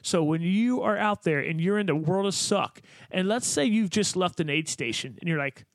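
A man's voice: high voice, lively intonation, normal speed, no echo. A man co-hosting a podcast, giving emphatic, motivational advice in casual chat and swearing freely. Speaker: podcast co-host.

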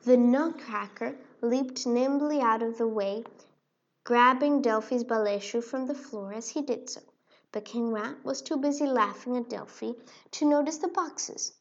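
Woman reading a kids storybook, slow n expressive, kinda muffled. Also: fairly high pitch. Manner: expressive, slow read-aloud. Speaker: narrator. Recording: dull lo-fi recording.

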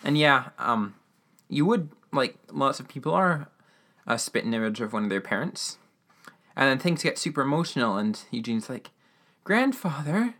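A man's voice: mid-range voice, lively intonation, moderate pace, pushed and bright. A man casually recapping a radio-drama episode, rambling with lots of fillers and enthusiastic asides.

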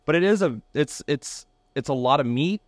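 A man, a barbecue pitmaster co-hosting a casual chat, relaxed and profane, often laughing along. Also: fairly high pitch, moderate pace, no echo. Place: restaurant kitchen.

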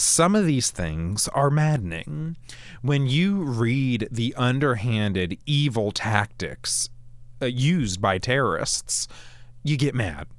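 A man hosting a Christian talk show, speaking in a conversational, animated way with frequent restarts. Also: medium pitch, no echo. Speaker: podcast host. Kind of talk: casual Christian commentary.

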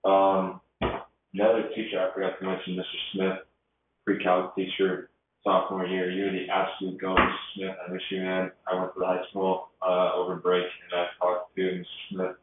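A young man co-hosting a casual podcast chat, telling rambling, animated stories with lots of fillers. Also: low voice, normal speed, background noise. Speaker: podcast co-host. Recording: distant, echoey, phone-quality recording.

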